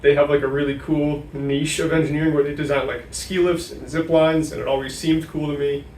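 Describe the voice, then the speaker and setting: A man's voice: on the high side, level tone, fairly quick, darkish tone. A young man from New Hampshire, a guest talking casually in an interview and filling his sentences with "like". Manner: chatty, many "like" fillers. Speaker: guest, sports information director. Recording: echoey room, mic at a distance, faint noise.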